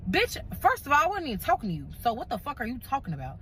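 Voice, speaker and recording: A woman's voice: sits high, wildly swooping pitch, rapid-fire, a bit bright, a little hiss or hum, rough recording. A woman telling a casual storytime in a blunt, profane, conversational way.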